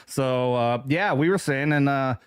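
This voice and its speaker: A man, a veteran co-hosting a podcast, talking in casual profane chat with frequent halting restarts. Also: medium pitch, clean tone, no room sound, clean studio sound. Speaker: co-host, veteran.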